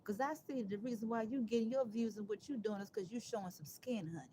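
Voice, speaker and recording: A woman talking on a casual live stream, emphatic and sarcastic, rambling and restarting her phrases, with loud outbursts and quiet asides. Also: on the high side, quick pace, a little hiss or hum, poor audio. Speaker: livestreamer.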